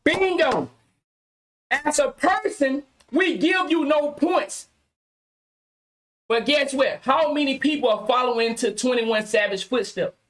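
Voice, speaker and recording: A woman's voice: high-pitched, slow pace. A woman hosting a podcast livestream, talking emphatically and repeating her points to her viewers. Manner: emphatic, preachy, repeats phrases. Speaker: podcast host. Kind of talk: casual livestream commentary.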